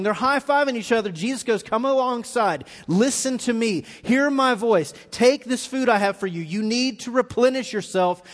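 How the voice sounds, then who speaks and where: A man preaching a live sermon as pastor, telling a story and acting out the quoted lines with rising intensity. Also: very high-pitched. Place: church auditorium. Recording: live in a reverberant hall.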